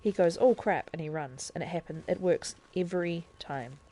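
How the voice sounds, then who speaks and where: A woman with a warm, lowish voice speaks at a normal pace while live-streaming a video game. She chattily explains the controls and thinks aloud as she plays, like a casual gameplay tutorial.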